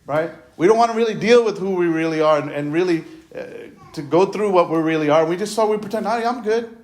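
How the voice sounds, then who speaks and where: Male preacher, slightly raised pitch, casual conversational sermon with frequent repeats and restarts. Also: fast. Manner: conversational, retells scripture in his own words; repeats words and restarts often.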